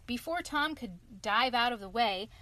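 A woman narrating a children's storybook aloud in a clear, expressive reading. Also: fairly high pitch, measured pace, no room sound.

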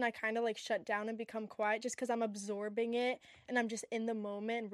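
A woman's voice: a little high, dry recording, clean studio sound. A young woman co-hosting a podcast, chatting in a playful, gushing way with many fillers. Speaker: podcast co-host. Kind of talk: casual chat.

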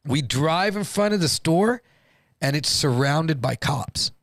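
A man telling a story in a loose, profane, casual way, jumping into higher voices when quoting people. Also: slow, dry recording. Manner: animated, acts out quotes in higher voice. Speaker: guest storyteller.

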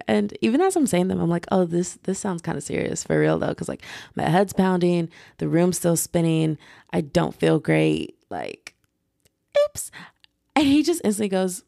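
A young woman vlogger telling a personal story in a chatty, animated way, full of "like"s. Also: lowish voice, gravelly, no echo, clean studio sound. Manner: chatty, animated retelling with many "like"s. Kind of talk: casual storytime.

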